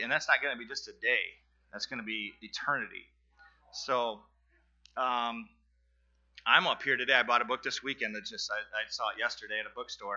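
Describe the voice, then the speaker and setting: A middle-aged man nervously giving a personal testimony in front of his church congregation, halting and earnest, with many fillers and restarts. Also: mid-range voice, bright, forceful tone, highs cut off. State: nervous, sweating.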